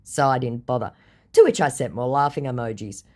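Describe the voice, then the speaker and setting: A woman's voice: very deep voice, brisk. Sarcastic woman telling a funny story. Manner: sarcastic, mocking. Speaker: storyteller recounting a chat. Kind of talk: comedic storytelling.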